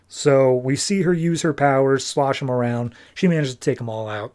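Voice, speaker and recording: A man's voice: medium pitch, moderate pace, few pauses, darkish tone. A man hosting a podcast, retelling a comic book story in a loose, chatty way full of "like" and quoted dialogue. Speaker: podcast host. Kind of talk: casual comic book recap.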